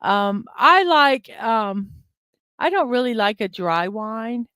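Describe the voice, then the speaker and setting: A woman's voice: on the high side, expressive, takes it slowly, bright, forceful tone, smooth, dry recording, studio quality. A woman hosting a casual morning livestream, thinking aloud over a word puzzle, with many ums and uhs, and reading viewer comments aloud. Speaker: host of a daily morning livestream. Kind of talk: casual chat while playing a word puzzle. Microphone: desk microphone.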